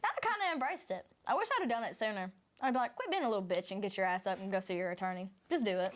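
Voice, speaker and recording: A woman's voice: medium pitch, racing. A woman with a Southern US country twang, hosting a podcast and telling crude, rambling stories in casual chat. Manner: rambling, animated storytelling with crude humor. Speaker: podcast host.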